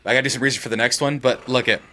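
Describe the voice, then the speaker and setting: A man's voice: mid-range voice, fairly even intonation, racing, pushed and bright. A man hosting a casual group podcast, joking around and rambling through plugs. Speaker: podcast host.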